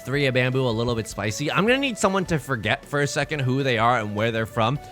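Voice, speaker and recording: A man's voice: mid-range voice, expressive, quick pace, a bit bright, soft background music. A young man streaming from home, giving casual, jokey game commentary in a theatrical, self-mocking way.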